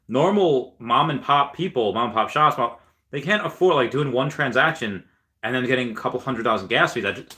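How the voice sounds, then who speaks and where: A man's voice: mid-range voice, pushed and bright. A man hosting a casual vlog, rambling with many fillers and restarts and frequent chuckles. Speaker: gaming and crypto video host.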